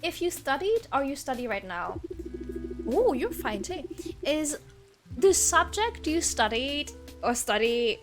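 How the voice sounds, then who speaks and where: A young woman streaming a game, chatting casually and excitedly with her viewers. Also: sits high, measured pace, faint music behind. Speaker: variety streamer. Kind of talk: casual live-stream chat while gaming.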